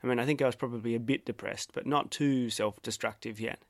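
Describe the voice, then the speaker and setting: A man's voice: mid-range voice, fairly even intonation, no echo. Wry Australian man narrating, dry sound. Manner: measured, wry and self-deprecating. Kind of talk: reflective personal essay narration.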